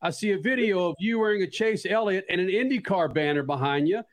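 Man hosting a studio radio show, high voice, eager and loose. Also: fast talker. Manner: excited, rambling, talks to guest like a buddy. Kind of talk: casual radio talk.

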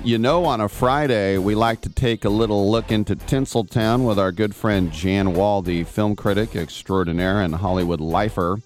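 A man hosting a sports radio show, opening it with wisecracks and a rambling rundown of guests. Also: lowish voice.

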